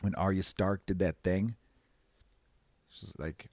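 A man hosting a podcast, rambling casually and profanely, short of breath and jumping into high mock voices. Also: moderate pace, no room sound. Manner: profane, rambling, animated bursts into high-pitched mimicry. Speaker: podcast host. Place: away from his usual recording space.

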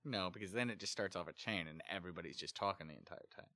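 A man co-hosting a casual chat, teasing and deadpan, telling anecdotes. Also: sits low, racing, no echo. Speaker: podcast co-host.

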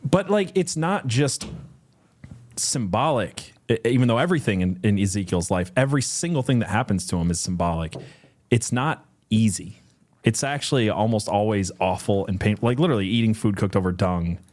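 A man with a somewhat low voice talks casually as a co-host. He thinks out loud in a rambling way and often restarts his sentences. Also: expressive, a little fast. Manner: thoughtful, rambling, with many fillers and restarts. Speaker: co-host of Bible study. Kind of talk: casual conversational commentary.

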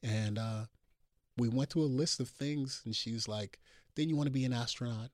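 A man's voice: medium pitch, moderate pace, no echo, clean studio sound. A middle-aged man from New Jersey, a doctor guest on a call-in show, telling a personal story and acting out the dialogue.

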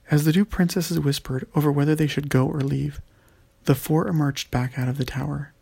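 Guy reading a kids fantasy story, gravelly voice, mid pitch. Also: steady tone, moderate pace, a little mellow. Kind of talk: scripted story narration.

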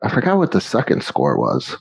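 A man's voice: low voice, wildly swooping pitch, fairly quick, gravelly, breathy edge, no room sound, poor audio. A man co-hosting a casual chat about a movie, laughing often and acting out quotes. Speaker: podcast co-host.

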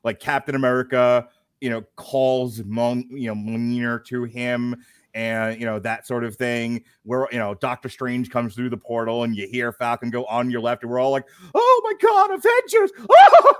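A middle-aged man co-hosting a casual movie-review podcast, excitable and rambling, full of fillers and laughter. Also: mid-range voice, normal speed, smooth, no room sound. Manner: rambling storyteller with many fillers. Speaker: podcast co-host.

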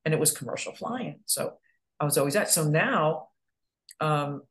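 A woman's voice: low-pitched, expressive, moderate pace. A middle-aged woman from New York, a podcast guest who chats casually, laughs often and tells stories with animation. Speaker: podcast guest, real estate agent. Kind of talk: casual chat.

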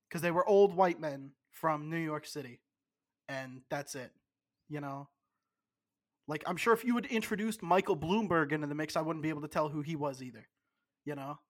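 A man co-hosting a podcast, a bit tipsy, rambling and swearing with lots of stumbling restarts. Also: a little high. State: tipsy from drinking. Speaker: podcast co-host. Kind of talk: casual podcast banter.

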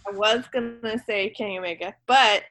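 A woman's voice: medium pitch, normal speed, a bit bright. A woman co-hosting a casual chat, opinionated and teasing. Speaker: podcast co-host.

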